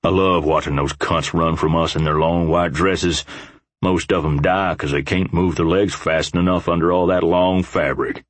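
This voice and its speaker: A man voicing a crude, mocking biker in a storybook reading, with a deep, husky voice and a dry sound. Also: fairly even intonation, moderate pace, no echo. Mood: taunting. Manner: crude, taunting.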